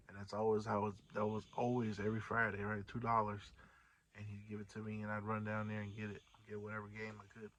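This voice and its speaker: A man's voice: fairly low pitch, completely flat delivery, quick pace, a bit bright, low-quality recording. A man casually telling a personal story on his vlog, rambling with lots of fillers and restarts. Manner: candid, swears casually. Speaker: vlog host.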